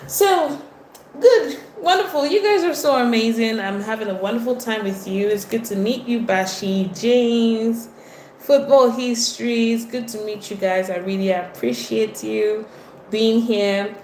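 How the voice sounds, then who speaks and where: A woman's voice: fairly high pitch, measured pace, slight background noise. Chatty Nigerian-accented woman livestreaming, echoey. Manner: chatty, greets viewers by name, lively exclamations. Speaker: livestream host. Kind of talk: casual livestream chat reading viewer comments.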